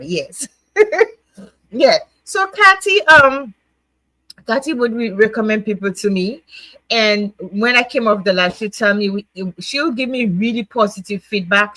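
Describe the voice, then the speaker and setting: A woman's voice: medium pitch, sharp tone, no room sound, rough recording. A woman hosting her own livestream show, chatting to viewers in a grateful, heartfelt way, laughing often and restarting her words. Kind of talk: casual heartfelt chat to viewers.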